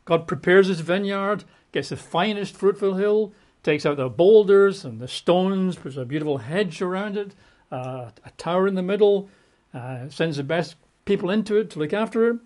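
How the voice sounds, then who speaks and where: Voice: medium pitch, lively intonation, normal speed, a little mellow. A preacher giving a Bible exposition sermon, emphatic and conversational, piling up repeated synonyms with casual asides.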